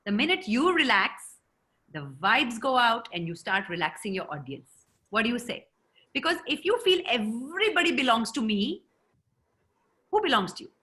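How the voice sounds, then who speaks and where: A woman's voice: on the high side, moderate pace. A woman who grew up in America, giving an online communication seminar as a trainer and calling on participants by name over a video call. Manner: lively, addresses participants by name.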